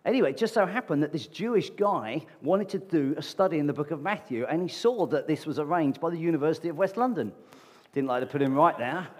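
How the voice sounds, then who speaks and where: A man's voice: a little high, lively intonation, fast talker, darkish tone. A man preaching a sermon to his congregation in a conversational way, often asking them rhetorical questions. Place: church meeting hall. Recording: long reverb of a large hall.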